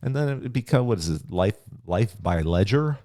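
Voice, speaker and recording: Middle-aged male podcast host, lowish voice, rambling and reflective delivery. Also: expressive, moderate pace, dark tone. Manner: rambling, reflective, with many restarts and chuckles. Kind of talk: casual podcast chat.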